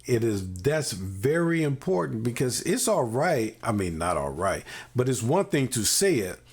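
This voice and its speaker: A man's voice: mid-range voice, big pitch swings, a little slow, slightly rough. A man hosting a parenting podcast, talking earnestly and emphatically with folksy asides. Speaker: podcast host. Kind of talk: conversational interview.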